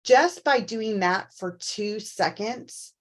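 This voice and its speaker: A woman co-hosting a casual talk show, telling personal stories in an animated, candid way. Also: mid-range voice, slow pace. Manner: animated storyteller, acts out quoted voices. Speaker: co-host. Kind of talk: casual chat.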